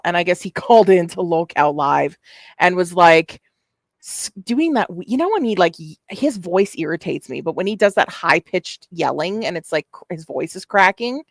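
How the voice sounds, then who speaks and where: A woman's voice: lowish voice, creaky, no room sound, clean studio sound. A woman hosting a casual online chat show, rambling and swearing, trailing off and restarting as she talks. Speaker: host.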